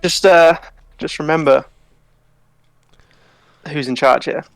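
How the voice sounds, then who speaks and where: Bloke playing a dry adventurer, gravelly, a bit higher voice. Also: male voice, steady tone, takes it slowly, no room sound, soft background music. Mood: reproachful.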